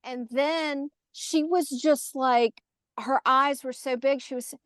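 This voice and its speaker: A middle-aged woman with a Southern American accent, a podcast guest telling a personal story in casual conversation, lively and acting out the voices she quotes. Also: sits high, slow pace, no room sound. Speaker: podcast guest, haunted tour organizer.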